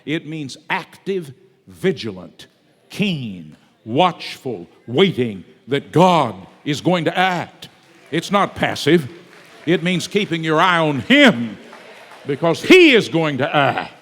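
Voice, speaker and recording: A man preaching in a large sanctuary, his voice ringing with a long hall reverb. He sits a little high for a man and moves his pitch all over the place, swinging from hushed asides to loud, stretched-out emphasis. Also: sing-song, husky. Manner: dramatic swings in loudness, drawn-out emphatic words. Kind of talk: sermon.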